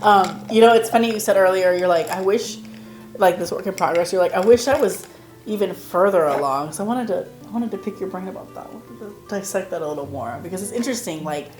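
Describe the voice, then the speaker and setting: A woman's voice: medium pitch, fast, a little mellow, echoey room, faint music behind. Chatty woman podcast host. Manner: reacts with frequent exclamations and encouraging interjections. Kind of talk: casual chat.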